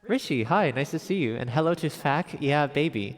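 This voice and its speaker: On a piano livestream from home, a young man from Connecticut, USA, chats casually in an upbeat, talkative way, punctuated by gleeful exclamations. He sounds on the high side and animated, speaking at a moderate pace with few pauses, as though in a large hall.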